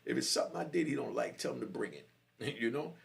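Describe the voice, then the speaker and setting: A man's voice: mid-range voice, very animated, fast, creaky. A man telling his own jail story in casual street slang, often saying "you know".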